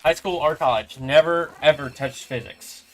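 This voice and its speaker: A young man streaming a game, rambling casually and answering chat with halting restarts. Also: a little high, a bit bright. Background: background music.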